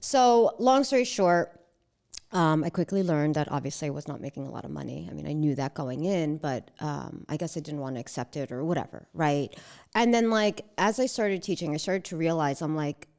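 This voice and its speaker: Chatty woman with a lowish voice. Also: moderate pace. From New Jersey. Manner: animated, acts out quoted dialogue with lots of "like" and "right?". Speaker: guest, real estate agent. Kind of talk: casual interview storytelling.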